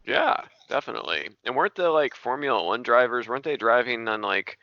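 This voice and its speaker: A man's voice: mid-range voice, lively intonation, brisk, dry recording, highs cut off. A man in his thirties hosting a podcast in casual chat, joking about himself and laughing a lot. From United States. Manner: laughs often, self-deprecating. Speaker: podcast host.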